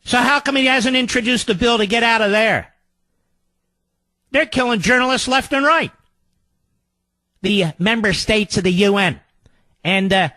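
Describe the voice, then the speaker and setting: An older man hosting a radio talk show, delivering a sarcastic political monologue with mocking, theatrical swings between loud jabs and low mutters. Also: moderate pace, pauses often, dry recording.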